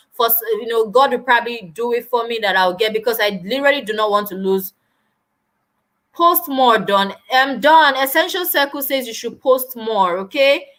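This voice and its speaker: Bright, chatty young woman live-streaming. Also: on the high side, moderate pace. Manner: animated and chatty, exclamatory. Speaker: YouTuber hosting a live stream. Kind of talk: casual live-stream chat, reading viewer comments.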